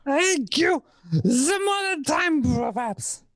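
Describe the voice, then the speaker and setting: Demure polite young lady read by a woman, slow, high, amateur radio-play reading. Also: animated, no echo.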